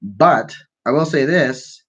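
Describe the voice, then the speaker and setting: A man's voice: mid-range voice, slow, fairly bright tone, breathy edge, highs cut off. A man hosting a live call-in show from Canada, stoned and ranting about politics in a profane, rambling, mocking way. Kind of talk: casual stoned political rant.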